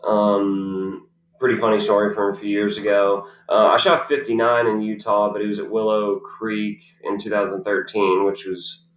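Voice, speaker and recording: A man's voice: fairly low pitch, a bit bright, lo-fi sound. A man, a professional golfer on a podcast as the guest, telling long casual stories with lots of fillers and restarts. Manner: rambling anecdotes with many fillers and restarts. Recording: roomy echo.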